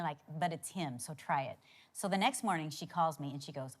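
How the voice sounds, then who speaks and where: A middle-aged woman on a church stage with a slightly low voice. She tells stories in a chatty, teasing way. It sounds like she is sharing a session with her husband. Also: animated, brisk. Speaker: co-speaker at a marriage session. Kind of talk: sermon storytelling.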